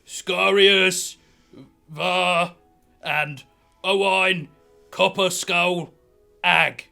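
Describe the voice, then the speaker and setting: A man voicing a hobgoblin referee who booms out his announcements and draws out every word. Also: steady tone, vocal fry, pushed and bright, soft background music, heavily acted. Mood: announcing. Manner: booming, drawn-out announcing.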